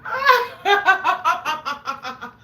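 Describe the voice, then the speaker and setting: A woman from Africa, hosting a livestream and telling a story in an animated way, laughing often and acting out quotes. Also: very high-pitched, drawn-out words, roomy sound. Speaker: livestream host. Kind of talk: animated storytelling to a live audience.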